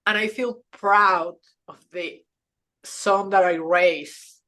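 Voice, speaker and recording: A woman in her thirties or forties, a podcast co-host, telling a personal story in an earnest, halting way, in non-native English with grammar slips and frequent restarts. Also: lowish voice, steady tone, pushed and bright.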